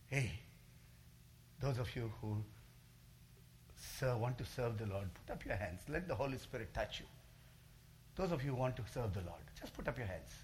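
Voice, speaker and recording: A man's voice: mid-range voice, expressive, normal speed, pauses often, slight background noise. A middle-aged male pastor giving a fervent altar call and prayer, pleading and rising in intensity.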